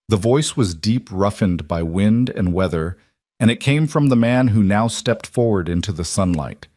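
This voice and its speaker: Brief: low-pitched male narrator for a dry, close storybook read, steady and measured. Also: dry recording. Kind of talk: scripted audiobook narration.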